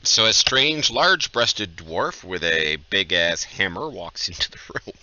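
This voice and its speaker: A man running a tabletop game as game master, lively and laughing with his players. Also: low-pitched, measured pace, muffled recording.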